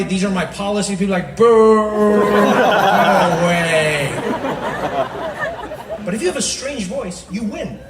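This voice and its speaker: A man performing a stand-up comedy set in a large venue, animated and mocking. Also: high voice, far from the mic, very noisy. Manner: animated, mocking, acts out voices. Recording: live show, echoey hall, loud crowd.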